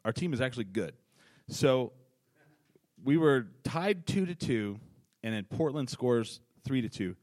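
A man chatting casually and comedically, from New Mexico, telling animated stories and acting out quotes. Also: mid-range voice, unhurried, dry recording. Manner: animated storyteller, acts out quotes loudly.

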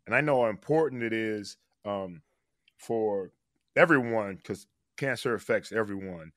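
A man with a fairly low voice talks earnestly as a radio guest. He is heartfelt and goes quieter on serious points. The sound is dry and close. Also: measured pace, no echo. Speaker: guest, former player. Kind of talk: casual radio interview.

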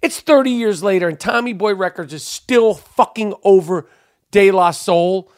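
A man's voice: sits high, normal speed, no room sound, studio quality. Profane, ranting podcast host, a man. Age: 40s. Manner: loud, cursing, exasperated rant.

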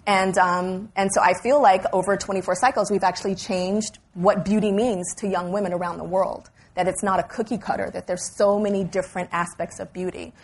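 A middle-aged woman as an interview guest, telling animated stories with frequent laughs. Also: mid-range voice, brisk, hardly any pauses, husky. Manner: animated, storytelling with laughs and exclamations. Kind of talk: conversational interview.

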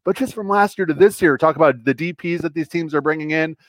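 A man co-hosting a podcast, talking soccer in a hesitant, halting way. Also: a little high, dry recording. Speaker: podcast co-host. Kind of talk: casual soccer chat.

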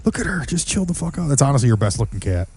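A man with a dark, mellow voice trading crude, profane jokes in loose podcast banter. He mocks and teases his friends at an easy middle pitch. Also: big pitch swings, racing, slight background noise. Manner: profane, mocking, teasing. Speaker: podcast co-host.

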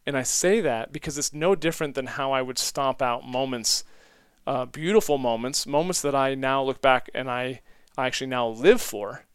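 A man's voice: medium pitch, moderate pace, clean tone, no echo, studio quality. A man hosting a solo podcast, talking reflectively, rambling and correcting himself, often laughing at himself. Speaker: podcast host.

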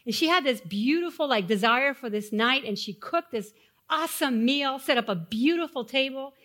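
A woman pastor giving a sermon, asking the congregation questions and dropping to hushed, solemn tones when telling stories of loss. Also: high-pitched, lively intonation, moderate pace. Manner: dynamic, swings from loud rhetorical questions to hushed solemn tones.

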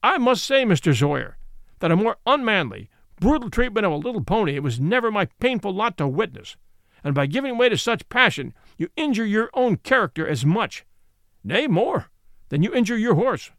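A man's voice: high voice, sing-song, moderate pace, a bit bright, no echo, clean studio sound, heavily acted. A man voicing a stern country squire.

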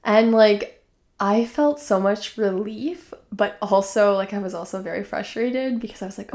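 A woman's voice: medium pitch, moderate pace, darkish tone. A woman hosting a podcast, telling a personal story in a chatty, casual way with many fillers. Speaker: podcast host.

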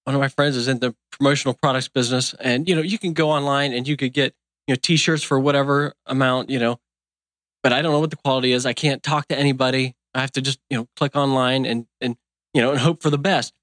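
A man's voice: medium pitch, steady tone, fast talker, fairly bright tone, dry recording, studio quality. A man in his fifties who owns a donut shop, talking in a casual interview in an earnest, folksy, rambling way. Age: 50s.

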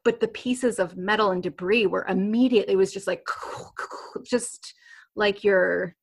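Creaky-voiced woman telling a personal story. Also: medium pitch, moderate pace. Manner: rambling, full of fillers and restarts, laughs nervously. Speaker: interview guest.

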